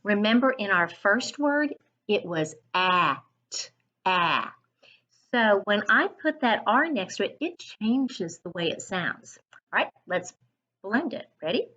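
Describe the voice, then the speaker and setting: A woman's voice: mid-range voice, very animated, takes it slowly, a bit bright, lo-fi sound. A woman reading teacher leading a phonics lesson for children, sounding out each letter and praising along the way.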